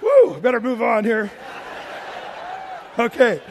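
A pastor preaching a sermon in a joking, animated way, acting out quoted voices as he goes. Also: extremely high pitch, slow pace, a crowd in the background, noisy background. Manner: jokey, acts out quoted voices; self-described big guy. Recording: long reverb of a large hall.

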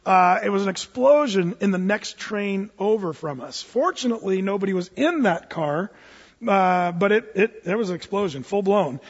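A man's voice: high voice, animated, moderate pace, slightly rough. A middle-aged man telling a rambling personal story, full of fillers and restarts, acting out what people said. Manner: rambling, lots of fillers and restarts, acts out quotes. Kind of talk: anecdotal storytelling. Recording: dull, reverberant hall.

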